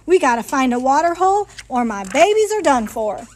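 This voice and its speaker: A woman's voice: very animated, fairly quick, a little hiss or hum. Woman doing a frantic howling pioneer dad. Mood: worried. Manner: howling, high and loud. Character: frantic pioneer father fussing over fruit trees.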